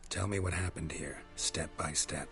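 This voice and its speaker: A gruff, deep-voiced monster hunter. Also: male voice, normal speed, music in the background. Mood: terse. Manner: curt, flat questions.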